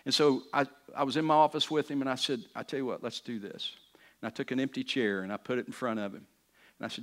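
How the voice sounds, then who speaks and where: A man's voice: medium pitch, fairly quick, vocal fry, a bit bright. A man pastor preaching a sermon in an earnest, conversational way, often restarting phrases and building to emphatic peaks.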